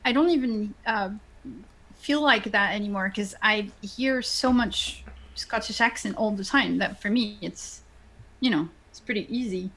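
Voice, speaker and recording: Woman in lively chat. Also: medium pitch, a little slow. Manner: animated, full of false starts. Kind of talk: casual chat.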